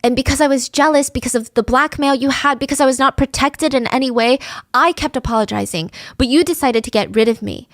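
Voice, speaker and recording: A woman's voice: sits high, a little fast, dry recording, clean studio sound, pitched above the performer's own voice. A woman voicing a desperate young wife who pleads with her husband in a letter, read aloud in an earnest tone. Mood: pleading.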